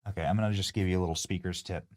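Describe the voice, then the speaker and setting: A man hosting a political show, reacting to clips with sarcastic, scornful commentary that jumps from loud jeers to low mutters. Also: fairly even intonation, very fast.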